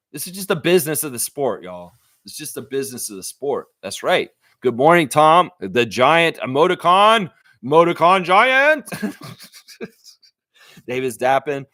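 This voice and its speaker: A man from Canada hosts a live sports stream and talks bluntly, ranting and reading the chat aloud. His pitch sits a little high and swings widely, with a bright, forceful tone. The sound is close and dry. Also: expressive, brisk, no echo. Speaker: livestream host.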